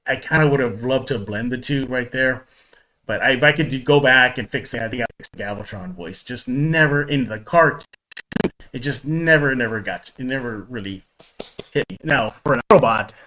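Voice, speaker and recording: Animated man chatting on a podcast. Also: mid-range voice, normal speed. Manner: animated, repeats words as he talks. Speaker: podcast co-host. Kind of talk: casual chat.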